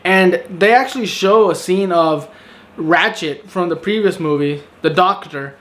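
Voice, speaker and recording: A man's voice: sits high, measured pace, fairly bright tone. A man casually recapping a movie in a rambling, sarcastic way, full of fillers and exasperated asides. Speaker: movie reviewer. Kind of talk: casual spoken review.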